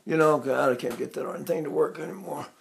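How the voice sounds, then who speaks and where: In an echoey room, an older man teaching voice wanders through a digressive lesson on vocal technique, pausing now and then to sing examples. His voice is a little high and gravelly.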